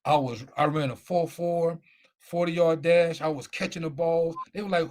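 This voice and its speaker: A man's voice: on the high side, steady tone, moderate pace, darkish tone. A middle-aged man, a former football player, telling his life story as a guest speaker, emphatic and repeating himself. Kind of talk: personal storytelling.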